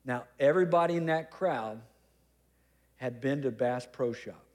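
A man's voice: medium pitch, measured pace, long reverb tail. A man preaching a sermon as pastor, conversational and humorous, with teasing asides.

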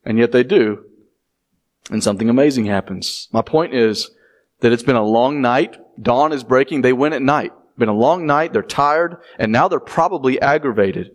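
A male pastor preaches in a relaxed, conversational way. He slips into the voices of the people he quotes and jumps up in pitch for emphasis, keeping a moderate, even tone otherwise. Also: normal speed. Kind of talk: sermon.

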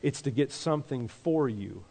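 A man's voice: medium pitch, lively intonation, normal speed, gravelly, darkish tone. A male pastor preaching a conversational sermon. He asks the congregation questions and leads them in call-and-response. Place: church sanctuary. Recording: long reverb of a large church hall.

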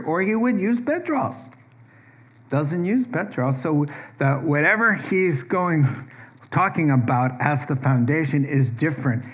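Slow-talking emphatic male preacher. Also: medium pitch. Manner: emphatic preaching with rhetorical questions. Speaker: pastor. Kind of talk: sermon. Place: church. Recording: dull lo-fi sermon recording.

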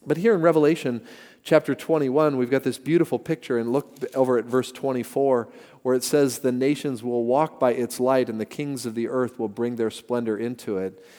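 A man's voice: medium pitch, normal speed. An older man preaching a sermon, telling stories with emphatic repetition. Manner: animated storytelling with emphatic repetition. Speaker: pastor. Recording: long reverb of a large hall.

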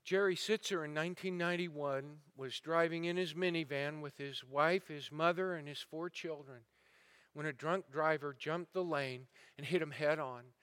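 A male pastor preaching a sermon, telling stories with swings between building intensity and a hushed, somber tone. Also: fairly high pitch, moderate pace, clean tone. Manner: dramatic storyteller, rising and falling intensity. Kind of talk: sermon storytelling. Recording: sermon audio recording.

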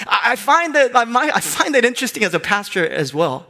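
A man's voice: sits high, big pitch swings, fast, creaky, hardly any pauses, sharp tone. A male pastor preaching a sermon, telling funny stories and acting out little voices. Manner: playful, acts out voices in anecdotes. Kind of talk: sermon with humorous storytelling.

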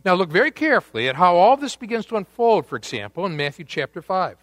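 A man preaching a sermon, deliberate and emphatic, with dramatic pauses. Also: high voice, sing-song, fairly bright tone, dry recording. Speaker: pastor.

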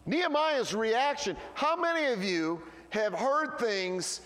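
An animated male pastor delivers a sermon, firing off rhetorical questions before dropping to quiet asides. His voice sits high and swings widely in pitch. A long reverb trails each phrase, as in a church sanctuary. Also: slow.

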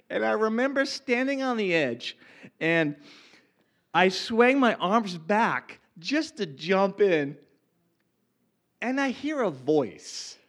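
High, lively-voiced man giving testimony. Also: slow pace. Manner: earnest storytelling that builds from quiet to impassioned. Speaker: speaker sharing a personal testimony. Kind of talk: testimony told to a congregation.

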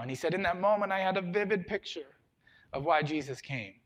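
A middle-aged man preaching a sermon, telling a story and swinging from loud emphasis to a hushed voice. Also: high-pitched, brisk. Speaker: pastor.

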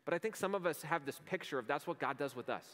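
A man's voice: on the high side, lively intonation, quick pace, a bit bright. A male pastor delivering a sermon in an earnest, conversational way, telling vivid everyday stories. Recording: long hall reverb.

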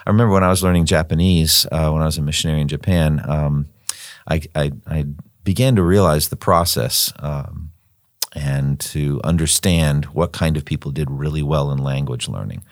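A man's voice: a bass voice, normal speed, dry recording, studio quality. An older man, a former missionary, talking through a Bible study in a thoughtful, rambling way, often repeating words as he thinks. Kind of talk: conversational Bible study discussion.

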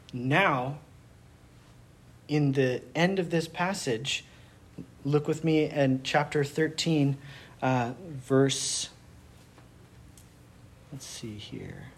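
A man's voice: mid-range voice, slight background noise. A man leading a Bible study group, teaching in a casual, conversational way, asking the group questions and retelling scenes.

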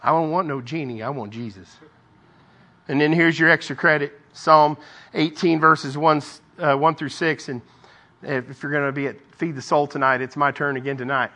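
A man's voice: fairly high pitch, fairly even intonation, normal speed, pushed and bright. A man giving an informal Bible devotional, reading scripture aloud and breaking off for conversational asides. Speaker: lay preacher.

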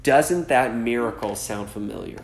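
A man's voice: mid-range voice, moderate pace, roomy sound. A man pastor preaching a sermon in a conversational style, often tossing in "right?" and "like" as asides. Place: church gathering.

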